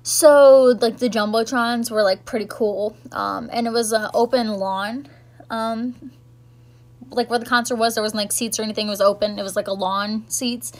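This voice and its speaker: A woman's voice: a little high, fairly even intonation, moderate pace. Chatty young woman vlogging. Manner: chatty, rambling, lots of "like" and "um". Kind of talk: casual chat recapping the year.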